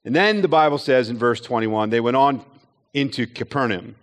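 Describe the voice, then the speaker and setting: A man preaches a sermon with earnest conviction. He leans on rhetorical questions and now and then acts out the voices he quotes. His pitch sits in an ordinary middle range. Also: normal speed. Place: chapel or hall with an audience.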